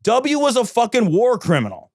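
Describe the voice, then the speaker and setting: A man's voice: very high voice, huge pitch swings, normal speed, dry recording, studio quality. A man co-hosting a political podcast, speaking emphatically and indignantly, repeating points for stress. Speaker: podcast co-host. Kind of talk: casual political chat.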